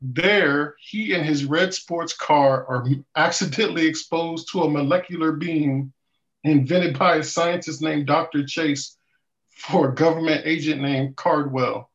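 A man with a slightly high voice, amused and holding back laughter as he talks in a casual podcast chat. His voice comes through a dull, lo-fi recording. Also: a little slow. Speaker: podcast co-host. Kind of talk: casual chat, reading a synopsis aloud. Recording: dull lo-fi sound.

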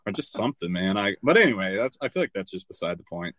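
A man hosting a podcast, recapping a film in loose, animated casual chat full of "like" and the odd swear word. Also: deep voice, quick pace, no room sound. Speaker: podcast host.

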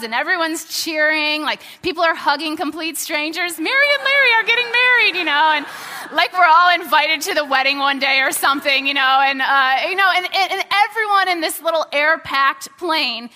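A woman's voice: high voice, normal speed. A woman preaching a sermon in a chatty, storytelling way with lots of fillers, in a large hall. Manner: conversational, animated, many fillers. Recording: long hall reverb.

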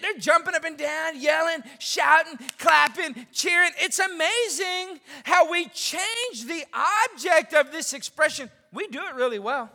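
High, bright-voiced male pastor preaching. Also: a little slow, creaky, few pauses. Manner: animated and conversational, with joking asides. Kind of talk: sermon. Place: large church during a service. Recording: long reverb of a large church hall.

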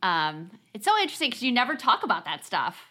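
A woman's voice: medium pitch, wildly swooping pitch, fast, pushed and bright. A woman co-hosting a podcast, chatting casually and animatedly with frequent laughs. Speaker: podcast co-host. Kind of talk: casual chat.

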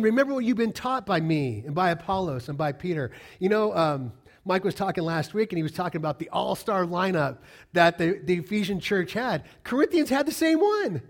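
A man with a fairly high voice preaches a sermon. He is animated, pressing his listeners with rhetorical questions. His loud, emphatic lines give way to quieter, lower asides. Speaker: pastor.

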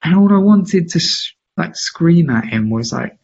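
A man, a podcast guest, telling a story with lively emphasis and acting out the voices of people he quotes. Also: on the high side, unhurried, gravelly, slightly rough, highs cut off. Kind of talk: animated storytelling in a podcast interview.

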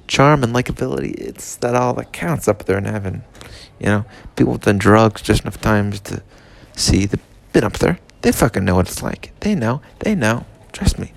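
A man's voice: mid-range voice, normal speed, vocal fry. A man, intoxicated, delivering a rambling, profane comedic rant in a mock-serious tone.

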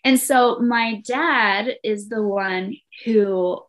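A woman's voice: medium pitch, drawn-out words. A woman guest on a podcast, telling her personal faith story in an earnest, heartfelt way. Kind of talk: personal testimony in conversation.

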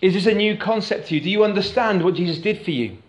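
A man gives a sermon in a church, talking conversationally and putting questions to the congregation. His voice sits a little high. The room around him is echoey. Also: quick pace. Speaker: pastor. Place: church hall.

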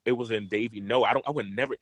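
A man's voice: medium pitch, steady tone, very fast, fairly bright tone, no echo. A man co-hosting a podcast, telling a long story in casual, profane chat, full of fillers and restarts.

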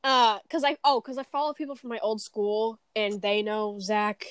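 A young woman in casual chat, telling animated stories with giggles, swearing and acted quotes. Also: on the high side, moderate pace, crowd noise.

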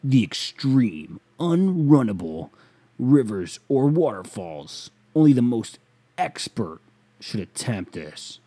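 A man's voice: medium pitch, very animated, takes it slowly, dark tone, husky, no echo, exaggerated voice. A man putting on the voice of a stereotypical earnest outdoorsy white guy, reading in an overly dramatic announcer way. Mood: mock-dramatic.

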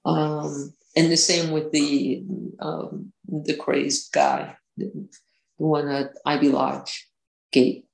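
A woman's voice: deep voice, slow, creaky. A woman guest recounting personal experiences, hesitant, with many restarts and fillers. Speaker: interview guest. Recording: roomy echo.

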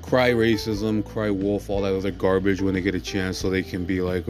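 A man's voice: sits low, level tone, normal speed, faint music behind. A man hosting a podcast, ranting aggressively with constant swearing and asking "you know what I'm saying" again and again. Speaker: podcast host. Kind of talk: profane ranting monologue.

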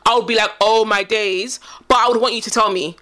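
A young woman, co-hosting a podcast in animated casual chat. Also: on the high side. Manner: animated, quick, talks over others. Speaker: podcast co-host.

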